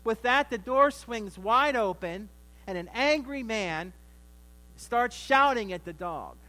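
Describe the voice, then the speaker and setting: A middle-aged man preaching at a Thanksgiving service, with a notably high voice. He talks in a relaxed, folksy way, sliding into homely stories and jokes to make his point. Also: slow pace, rough recording. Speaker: pastor. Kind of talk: Thanksgiving sermon.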